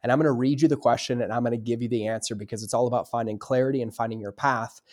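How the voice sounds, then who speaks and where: A man's voice: medium pitch, fairly even intonation, racing, darkish tone. Upbeat man hosting a solo podcast. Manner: casual, upbeat motivational talk. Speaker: podcast host. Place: home studio.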